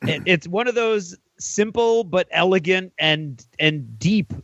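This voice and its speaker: A man's voice: sits high, slow pace, a bit bright, no room sound. Friendly man, dry lo-fi sound. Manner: friendly, conversational. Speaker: podcast co-host. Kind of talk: casual chat. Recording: dull lo-fi sound.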